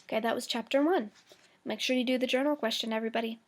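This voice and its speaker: Woman teacher, higher voice, reads a chapter aloud to the class, slow, fixes her own slips. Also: steady tone. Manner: slow, careful reading with small stumbles and self-corrections.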